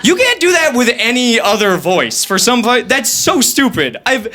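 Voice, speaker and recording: Animated young male stand-up comic. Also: extremely high pitch, moderate pace. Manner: energetic and self-mocking, jumping into voices. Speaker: stand-up comedian. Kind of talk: stand-up comedy. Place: stage of a comedy venue. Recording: live comedy club with audience noise.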